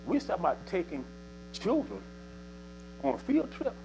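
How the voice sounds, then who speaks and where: A man in his seventies with a drawl preaches to his congregation in a high, animated voice that swoops up and down. He talks in a folksy, repeating way, leaning on little asides to drive each point home. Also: moderate pace, long pauses, noisy background. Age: 70s. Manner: folksy, repetitive, exhorting with 'see' and 'you know'. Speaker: church speaker. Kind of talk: preaching exhortation.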